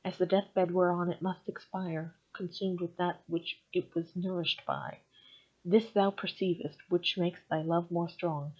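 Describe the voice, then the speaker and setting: A woman's voice: on the low side, husky. A young woman reading old sonnets aloud and then commenting on them in a wry, self-mocking, casual way. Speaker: vlogger. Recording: dull lo-fi home recording.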